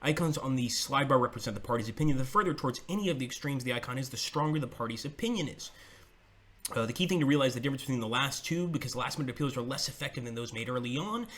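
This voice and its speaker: Dude doing casual gameplay commentary, regular-pitch voice, chatty, reads the game text out loud. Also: male voice, fast talker. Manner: chatty, reads on-screen tutorial text aloud. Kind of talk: casual let's-play commentary.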